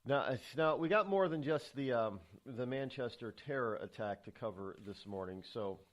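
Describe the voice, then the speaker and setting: This host of a live morning call-in radio program speaks at a moderate pace in a mid-range voice. He's from New England, and his chatty talk turns angry as he rambles, stumbling over fillers and restarts.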